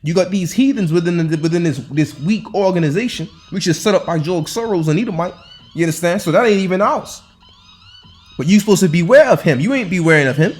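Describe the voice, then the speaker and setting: A man with a notably high voice preaches in a loose, colloquial way. He hammers each point with rhetorical questions and frequent restarts. Faint music plays behind him. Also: animated, brisk. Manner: hectoring, repeats himself with rhetorical questions. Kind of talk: informal scripture-reading sermon.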